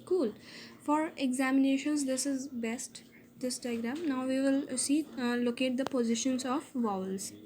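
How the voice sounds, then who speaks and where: A woman teaching a linguistics lesson, explaining slowly and repeating key words, often checking with "okay?". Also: high-pitched, a little mellow. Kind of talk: explaining phonetics at a board.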